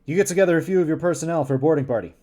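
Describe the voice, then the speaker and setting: A man voicing a decisive male starship captain who gives quick orders, in an amateur read-along. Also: a little high, warm tone, close to an everyday voice. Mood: commanding.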